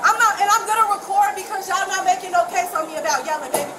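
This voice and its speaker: A young woman from the American Midwest, loud and defiant, arguing with police at an airport, caught on a bodycam. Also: extremely high pitch, fast talker. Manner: loud, defiant, talks over others. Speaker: angry airline passenger. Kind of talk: heated argument with police. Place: busy airport terminal. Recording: bodycam audio in noisy crowd. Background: loud crowd chatter.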